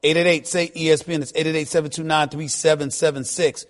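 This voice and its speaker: A man hosting sports talk radio, emphatic and fond of repeating himself. His voice sits a little high, and it leaps higher when he gets worked up. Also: flat delivery, fast talker. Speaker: radio talk show host.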